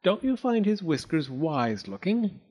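Man doing a young girl, bossy, imaginative, high voice, storybook reading. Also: very animated, moderate pace, darkish tone, big-room sound. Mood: grand. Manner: raised, girlish pitch.

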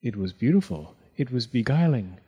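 A man reading a children's picture book aloud, gentle and deliberate. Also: medium pitch, very animated, slightly rough, muffled recording. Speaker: narrator.

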